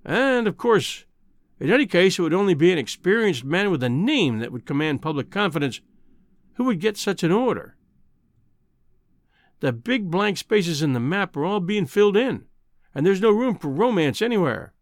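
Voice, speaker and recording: 남자가 연기하는 건조하고 빠른 노신문 편집장. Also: male voice, high-pitched, sing-song, moderate pace, dry recording, clean studio sound. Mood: dry. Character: brisk older male newspaper news editor. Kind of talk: audiobook character reading.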